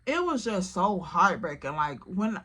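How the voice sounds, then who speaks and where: A woman's voice: on the low side, big pitch swings, unhurried, a bit bright. A woman telling a personal story to her viewers in a candid, emotional, casual way, often calling the listener "girl". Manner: casual, repeats "like" and "literally". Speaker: storytime vlogger.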